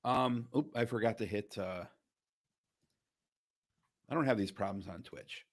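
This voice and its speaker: A man's voice: lowish voice, measured pace. A man hosting a live stream and talking casually, with lots of ums and restarts. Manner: casual, filler-heavy, loose. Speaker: host.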